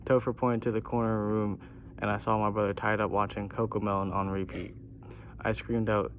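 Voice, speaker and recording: Low-voiced man reading a goofy story. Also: little pitch movement, fairly quick, a little hiss or hum. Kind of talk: reading a comic story aloud.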